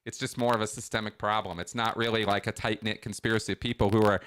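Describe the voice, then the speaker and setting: With a fairly low, smooth voice, a middle-aged man runs a call-in show at a brisk clip. His monologue is relaxed yet animated and forceful, and he keeps restarting his thoughts.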